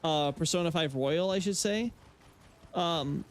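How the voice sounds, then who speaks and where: A man's voice: on the high side, measured pace. A man chatting casually about game lore while he plays on a stream, rambling with many fillers and restarts and giving blunt opinions. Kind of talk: casual live-stream chat while playing.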